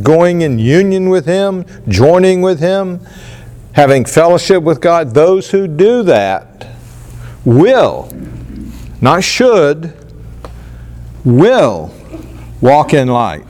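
A man teaching a Bible passage to a class, slow and deliberate, pausing to stress single words. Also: fairly high pitch, darkish tone.

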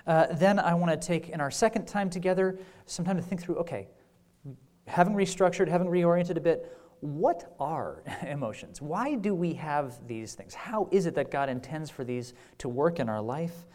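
A man's voice: a little high, lively intonation, normal speed, darkish tone. A man teaching a conference sermon in a conversational way, with frequent fillers, rhetorical "right?" checks and wry humor. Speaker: pastor.

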